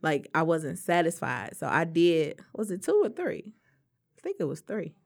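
A woman's voice: deep voice, big pitch swings, normal speed, creaky. A woman in her thirties co-hosting a podcast, telling blunt, frank stories with slang in casual chat. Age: 30s. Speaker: podcast co-host.

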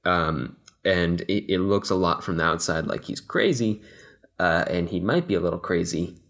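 A man's voice: low-pitched, normal speed, fairly bright tone. A young man who grew up in Texas, co-hosting a casual film podcast, rambling with lots of fillers and restarts. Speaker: podcast co-host.

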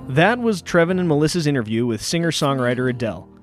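A man's voice: a little high, expressive, fast, faint music behind, close to an everyday voice. A man playing a formal radio announcer, reading scripted introductions in a comedy sketch.

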